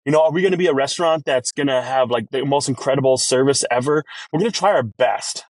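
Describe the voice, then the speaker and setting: A man who owns a restaurant, talking as a podcast guest in an energetic, rambling way and acting out his own quoted lines. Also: mid-range voice, fast talker, dry recording. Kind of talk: casual podcast interview.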